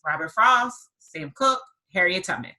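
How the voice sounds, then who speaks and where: A woman hosting a podcast and telling a story in a lively conversational way, stressing her points by repeating words. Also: fairly low pitch, moderate pace, rough recording. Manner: emphatic, repeats words for effect. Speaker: podcast host and business coach.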